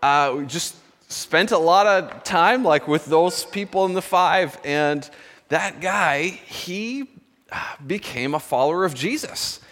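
Bright-voiced pastor man in a reverberant hall. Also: high voice. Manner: storytelling, conversational with self-corrections. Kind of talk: sermon. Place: church service.

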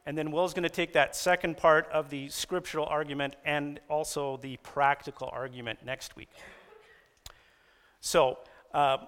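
A man delivering a sermon in a lively storytelling style, his voice sitting a little high. He jumps up in pitch when he quotes someone. A long reverb hangs behind him, as in a church hall. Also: clear, resonant tone. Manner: animated storytelling, raises pitch for quoted lines. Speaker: pastor.

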